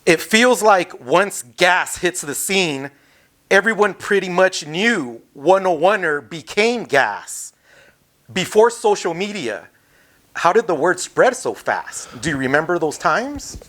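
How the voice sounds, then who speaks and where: A man hosting an interview, putting short and curious questions to his guest. His voice sits a little high for a man and stays plain and even. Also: takes it slowly.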